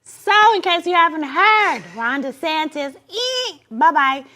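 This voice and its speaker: Woman, Jamaican accent, very high squeaky voice, bright and sharp tone, outspoken talk show co-host. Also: expressive, measured pace, slight background noise. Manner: outspoken, emphatic. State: strained voice from throat trouble. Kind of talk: casual chat.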